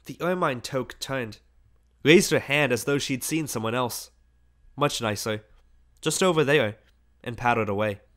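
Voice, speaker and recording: A man's voice: mid-range voice, fairly bright tone. A man narrating a literary short story as an audiobook, reading expressively with emphatic rises.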